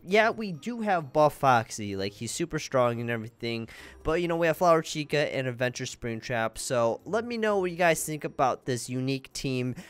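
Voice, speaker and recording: A man hosting his gaming channel, giving chatty, excitable gameplay commentary and talking straight to his viewers. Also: on the high side, smooth. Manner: excitable, chatty, keeps addressing viewers as guys.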